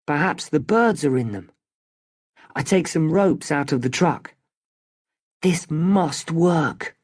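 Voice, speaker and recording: Slow, careful male storybook narrator. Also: on the high side, animated. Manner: slow, careful, clearly spoken. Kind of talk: slow storybook reading for English learners.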